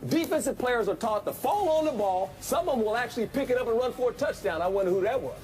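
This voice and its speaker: A man, a former football coach, giving animated, folksy analysis in a sports debate and hammering the same point again and again. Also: extremely high pitch, quick pace, soft background music.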